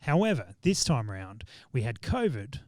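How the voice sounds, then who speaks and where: Male guest, mid pitch, rambling, dry close sound. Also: sing-song, moderate pace, darkish tone, dry recording. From Australia. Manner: rambling, many restarts. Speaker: shooting business owner, guest. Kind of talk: casual podcast chat.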